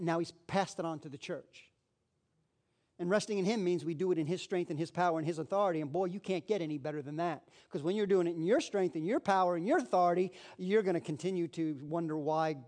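Brief: male pastor, very high voice, animated sermon delivery with acted-out voices. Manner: lively preaching, acts out voices.

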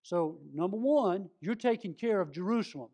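A man's voice: high-pitched, lively intonation, normal speed, warm tone. A man preaching a folksy storytelling sermon in a church, speaking straight to the congregation. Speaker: visiting preacher. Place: church sanctuary.

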